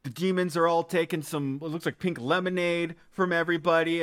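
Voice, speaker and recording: A man's voice: fairly high pitch, fairly even intonation, fairly quick, a bit bright, smooth. A man co-hosting a casual podcast chat, rambling and swearing as he recaps. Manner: rambling, profane, acts out bits. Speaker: podcast co-host.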